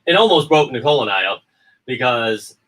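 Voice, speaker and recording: Rambling man with a bright voice, a bit off-mic. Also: mid-range voice, expressive, brisk, distant mic, rough recording. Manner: rambling, repeats words, acts out quotes. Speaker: indie filmmaker and editor. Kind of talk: casual livestream chat.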